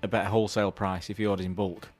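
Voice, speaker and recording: Man, radio host, dry easygoing banter, low-ish voice, faint music in background. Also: flat delivery, rapid-fire. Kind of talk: casual radio chat.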